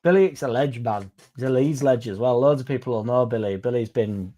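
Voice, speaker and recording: Young Yorkshire man, chatty fan host, laddish and crude, warm low tone. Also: brisk. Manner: sweary, laddish and jokey. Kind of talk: casual chat.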